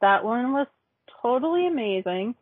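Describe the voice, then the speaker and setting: A woman's voice: a little high, animated, moderate pace, breathy edge, no echo. A woman in casual chat about a cartoon, rambling along with lots of fillers. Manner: chatty, rambling with many fillers like "like". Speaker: podcast co-host. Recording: tinny phone-like line.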